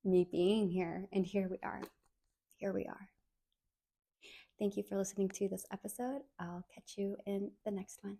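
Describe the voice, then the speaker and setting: A woman's voice: medium pitch, mellow. A woman in her thirties hosting a solo podcast, talking in an earnest, heartfelt way and repeating words for emphasis. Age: 30s. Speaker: podcast host.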